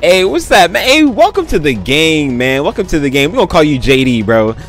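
A man's voice: on the high side, big pitch swings, brisk, fairly bright tone, soft background music. A man live-streaming a driving game, chatting in a hyped, slangy way and thanking viewers often. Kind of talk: casual live-stream commentary.

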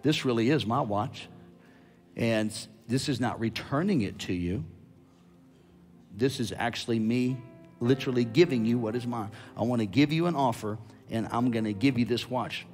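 A man preaching a sermon as a guest preacher, animated and loud at his peaks, with quick asides to the crowd. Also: mid-range voice, faint music behind.

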